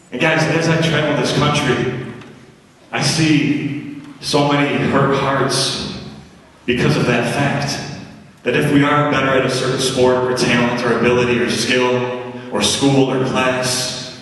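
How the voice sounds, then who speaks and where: An energetic man tells comic stories to a school assembly and acts out the voices in them. His voice rings through a large hall with a long echo. He sounds distant from the mic. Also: medium pitch, measured pace. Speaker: motivational school speaker. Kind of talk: comic storytelling to students. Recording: echoey school hall from far off.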